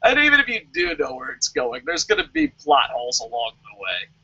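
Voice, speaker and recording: A man with a high, bright, forceful voice rants through a wrestling review, sarcastic and full of swearing. The audio is dull and lo-fi. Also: fairly quick, creaky, breathy edge. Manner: sarcastic, swears a lot, animated. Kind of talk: casual profane review rant.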